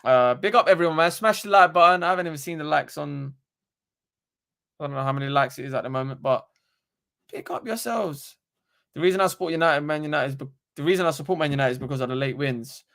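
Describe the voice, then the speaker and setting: A young man, hosting a casual live stream into a desktop microphone and talking in an animated, slangy, sweary way. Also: on the high side, fast, creaky, smooth. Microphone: desktop USB microphone.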